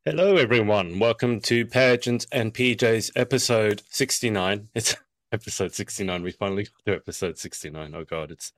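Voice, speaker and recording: A man hosting a casual podcast chat, teasing his guests and quick to laugh, a little short on sleep. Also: on the low side. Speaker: podcast host.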